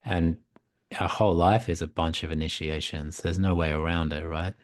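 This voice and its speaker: A man, a psychotherapist and mythologist, retelling a fairy tale in conversation, reflective and animated. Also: low voice, moderate pace, no room sound, studio quality. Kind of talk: conversational storytelling.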